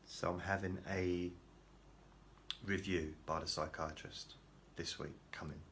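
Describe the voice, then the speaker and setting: A vlogger with a low, steady, slightly bright voice talks to camera at an unhurried pace, rambling loosely. He's self-deprecating and frequently stops to restart sentences, with a faint hum in the background.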